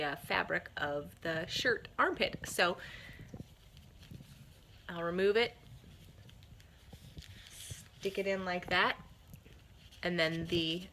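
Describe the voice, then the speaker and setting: A woman, a mom chatting casually with a bubbly, laughing, energetic manner. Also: on the low side, slight background noise. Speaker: mom sharing family tips. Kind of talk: casual chat to camera.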